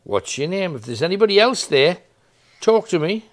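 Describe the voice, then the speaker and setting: The voice belongs to a man, high-pitched and sing-song, moving at a moderate clip. He's a paranormal investigator leading a ghost hunt, persistently questioning spirits inside an old building after dark, shifting from coaxing to demanding.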